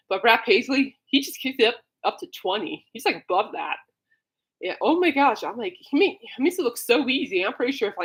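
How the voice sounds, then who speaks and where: Gushing woman podcast host, lively pitch. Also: slightly rough. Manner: gushing, rambling, many fillers. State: coughing fits. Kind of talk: casual solo chat.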